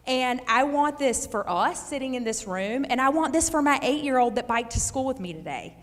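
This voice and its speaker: A woman's voice: high voice, animated, moderate pace, hardly any pauses. A woman with an Eastern North Carolina accent giving an enthusiastic public speech to a live audience as a physician introducing a keynote. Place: large hall. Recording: reverberant hall.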